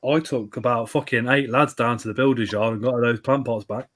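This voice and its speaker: A man's voice: medium pitch, a little fast. Sweary man telling stories. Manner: blunt, sweary, animated anecdotes. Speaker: live stream host. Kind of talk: casual storytelling chat.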